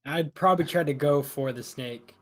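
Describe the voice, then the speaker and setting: Easygoing male player, slightly high voice. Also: moderate pace. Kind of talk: casual tabletop chat.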